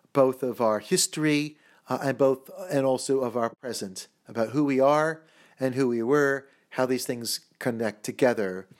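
A man answering interview questions in a lively, thinking-aloud way, with lots of fillers and restarts, sometimes putting on other voices to quote them. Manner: animated, mock-quoting other voices with pitch jumps. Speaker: interview guest.

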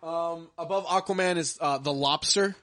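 Rambling podcast host, slightly high voice. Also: male voice, moderate pace, fairly bright tone, no echo. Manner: rambling, lots of "like" fillers. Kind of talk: casual movie-ranking chat.

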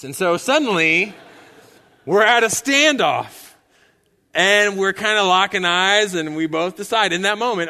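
A man's voice: sits high, sing-song, normal speed, bright, forceful tone. A young male pastor preaching a sermon, telling a story casually with frequent fillers. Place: church sanctuary. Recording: long church reverb.

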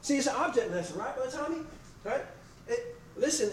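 An expressive man with a high, slightly mellow voice preaches at normal speed, folksy in style, calling on congregants by name and asking "okay?" and "amen?" as he goes. The sound comes from an echoey church sanctuary, with a distant mic and faint noise.

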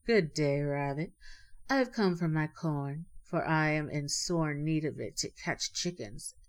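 Sly male fox, slow smug drawl, as a woman reads him. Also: deep voice, lively intonation.

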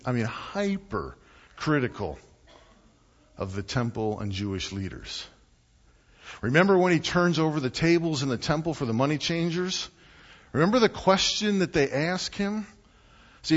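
Animated, conversational male pastor preaching. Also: fairly high pitch, muffled recording. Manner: animated, conversational, rhetorical questions to the congregation. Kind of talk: sermon.

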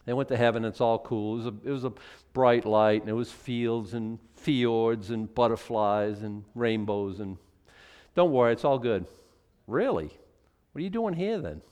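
An older man preaching a sermon in a conversational, animated way, with asides and acted quotes. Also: medium pitch, normal speed, clean tone. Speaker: pastor.

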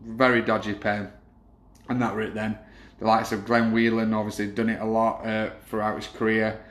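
A man's voice: lowish voice, little pitch movement, normal speed. A man telling football stories in a casual chat, rambling with many restarts. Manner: rambling storyteller, hesitant restarts. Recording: roomy echo.

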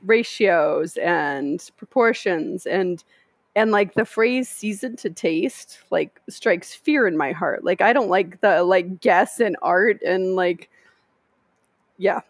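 A woman's voice: on the low side, takes it slowly, no room sound. A woman talking casually on a podcast, chatty and full of "likes" and restarts. Her voice sounds dry and close, with no room around it. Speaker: podcast co-host. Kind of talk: casual chat.

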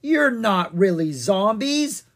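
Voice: mid-range voice, big pitch swings, moderate pace, husky. A reader voicing a chatty, sly old witch in a children's storybook, talking in a sing-song way.

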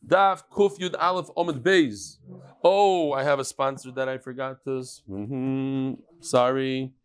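A man leads a daily Talmud class in a lively, joking manner, telling stories and weaving Hebrew and Yiddish terms into his English. His medium-pitched voice is clear and resonant, and he speaks a little slowly.

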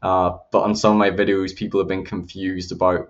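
A man's voice: sits low, flat delivery, a little fast, hardly any pauses. A young man with a Northern Irish accent, talking earnestly as an interview guest, with frequent fillers. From Northern Ireland. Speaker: guest, YouTube channel creator. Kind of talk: casual interview conversation. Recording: slightly dull lo-fi audio.

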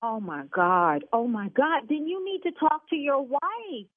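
A woman who owns a salon, arguing brashly on a phone call and getting loud and cursing. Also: sits high, sing-song, unhurried, a crowd in the background. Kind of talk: heated phone argument. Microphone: telephone. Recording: tinny phone line.

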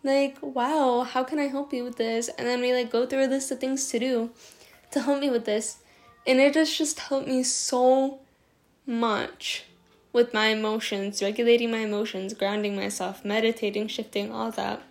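A young woman hosts her own podcast in a loose, chatty way, her fairly high voice catching in a gravelly fry at phrase ends. She rambles warmly to her listeners, leaning on filler words as she goes. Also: steady tone, moderate pace. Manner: affectionate toward listeners. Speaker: podcast host. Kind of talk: casual podcast talk on self-soothing.

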